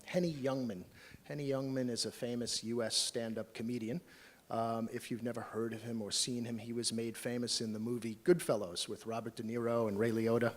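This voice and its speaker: An American man moderating a panel at a conference workshop, talking in a relaxed, chatty way with many fillers. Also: medium pitch.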